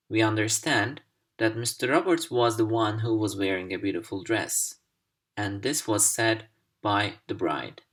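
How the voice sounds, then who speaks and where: A man teaching English over slides, speaking slowly and deliberately with careful pauses. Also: on the low side, a bit bright. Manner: slow, deliberate, carefully paced. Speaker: English language instructor. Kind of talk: slide-based recorded lesson.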